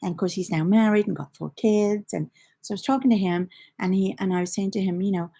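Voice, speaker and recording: A woman's voice: medium pitch, steady tone, fast talker, warm tone. An older woman from the United Kingdom, hosting a knitting livestream in a rambling, chatty storytelling way. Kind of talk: casual chat.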